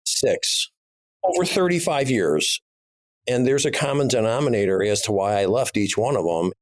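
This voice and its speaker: A man's voice: medium pitch, expressive, normal speed, dry recording, studio quality. A middle-aged man co-hosting a podcast, speaking bluntly and emphatically in a casual conversation. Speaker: podcast co-host, business owner.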